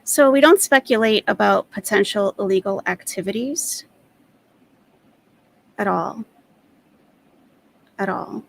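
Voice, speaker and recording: Firm, earnest woman with a gravelly edge. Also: mid-range voice, takes it slowly, pauses often, a little hiss or hum, rough recording. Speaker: commentary channel host. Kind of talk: commentary addressing chat.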